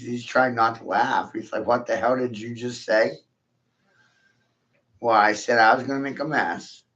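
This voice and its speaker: A man's voice: medium pitch, bright, forceful tone. A man in his forties delivering a crude, profane, rambling monologue in a mocking tone. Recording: echoey room, dull lo-fi sound.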